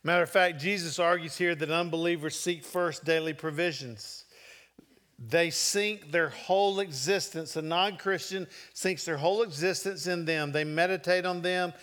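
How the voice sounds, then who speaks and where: A man's voice: fairly high pitch, steady tone, moderate pace, fairly bright tone. A middle-aged man preaching a sermon, telling a personal story with emotion and earnest emphasis. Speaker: pastor.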